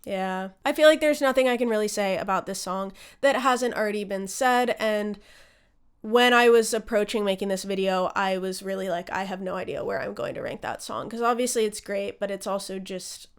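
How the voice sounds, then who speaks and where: A woman's voice: mid-range voice, moderate pace, smooth. A young woman talking casually and enthusiastically to her viewers, chatty and swearing now and then. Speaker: music video creator ranking album songs. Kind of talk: casual talk to camera.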